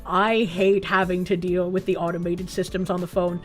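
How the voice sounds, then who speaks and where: A woman's voice: fairly low pitch, level tone, moderate pace, soft background music. A young woman streamer chatting casually with her viewers in a blunt, sarcastic way, with a lot of swearing. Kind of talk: casual chat reacting to chat messages.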